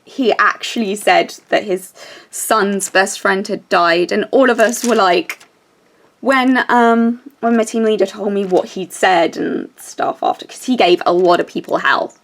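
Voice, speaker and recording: A woman's voice: medium pitch, unhurried, vocal fry. Chatty woman telling a story. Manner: animated storytelling, many fillers and restarts. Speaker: crafting vlogger. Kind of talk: casual chat while working on a craft.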